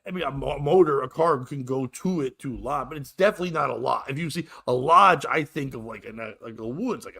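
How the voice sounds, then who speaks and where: A man's voice: medium pitch, creaky, bright, forceful tone. A middle-aged man hosting a solo podcast, telling a crude, exasperated story in a ranting manner. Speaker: podcast host.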